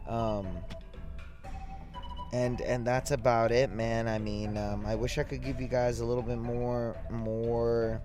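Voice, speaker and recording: A man's voice: mid-range voice, flat delivery, takes it slowly, over music. A man filling in as podcast host and producer, talking casually and sleepily, rambling with many fillers and restarts. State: tired, yawning late at night. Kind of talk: casual solo podcast talk.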